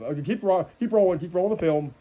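A man with a high-pitched voice talks fast over a muffled recording, joking his way through kids' cartoons as he flips channels. He's a playful cartoon commentator who hums theme tunes and slips into snatches of song between jokes.

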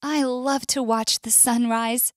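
A woman with an American accent voicing a gentle, loving female whale in a storybook, earnest and playful. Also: on the high side, fairly even intonation, slow pace, no echo, clean studio sound. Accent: US English.

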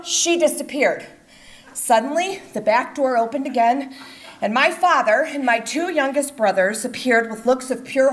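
A middle-aged woman reading her own personal essay on stage with expressive comic timing. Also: high voice. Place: event stage before an audience.

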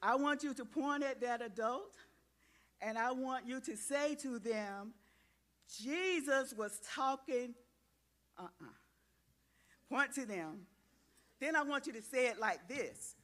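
A woman's voice: a little high, unhurried, long pauses, a bit bright. A woman giving a children's sermon in a church, coaxing and interactive as she asks the kids questions and gets them to join in. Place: church sanctuary.

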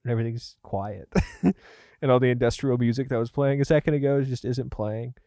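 A young man co-hosting a comedy podcast in casual chat, animated and acting out silly voices. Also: mid-range voice, a little fast, no room sound. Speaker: podcast co-host.

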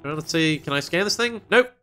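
Excitable man with a bright voice. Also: a little high, a little fast. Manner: excitable, talks to himself. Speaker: gameplay streamer. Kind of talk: casual gameplay commentary. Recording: game music behind.

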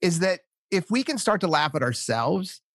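A man's voice: sits high, sing-song, normal speed, a bit bright, no room sound, clean studio sound. A man hosting a podcast in casual chat, telling stories with animation and laughing often. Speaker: podcast host.

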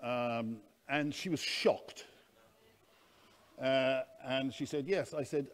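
A man's voice: medium pitch, lively intonation, measured pace. A man preaching at a conference, telling stories in an earnest, anecdotal teaching manner. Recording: long hall reverb.

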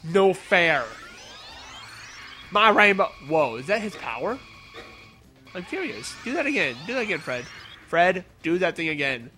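A man giving excitable, playful gameplay commentary, yelling and teasing as he plays. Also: high-pitched, measured pace, long pauses, soft background music. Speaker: let's play commentator.

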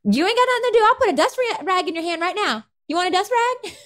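A woman voicing a stern, scolding Southern mother with a Southern accent, bossy and shrill. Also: expressive, fast, fairly bright tone.

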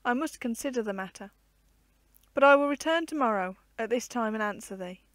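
A woman's voice: fairly high pitch, animated, fairly quick, a bit bright, no echo. A woman voicing an aged, lonely, poor male hermit who clings to life, in solemn old-fashioned storybook speech.

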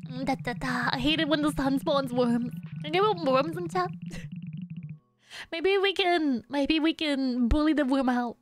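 A woman's voice: high-pitched, measured pace, faint music behind. A young woman streaming a game, chatting playfully with her viewers and humming little tunes between lines. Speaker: VTuber streamer. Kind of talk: casual gameplay commentary.

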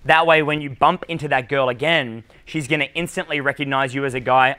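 Blunt, bright-voiced Australian coach. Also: male voice, mid-range voice, fairly even intonation, brisk, smooth. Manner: blunt, profane, punchy delivery. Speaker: dating coach. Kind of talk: live seminar talk. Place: conference room with live audience.

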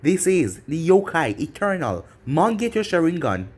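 A man's voice: fairly high pitch, very animated, moderate pace, breathy edge. A man doing a smug cocky young ninja. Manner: smug, taunting. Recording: faint music behind.

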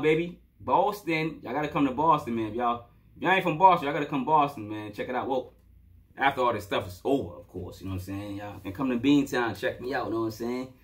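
A man's voice: medium pitch, fairly bright tone. A man giving a loose, casual spoken review of a hip-hop mixtape, full of playful asides and "you know what I'm saying," talking from home at his computer.

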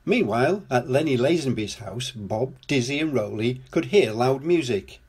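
An older man reads a children's storybook aloud, his voice a little husky and breathy. His pitch moves up and down freely as he tells the story in a gentle, lively way. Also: normal speed, few pauses.

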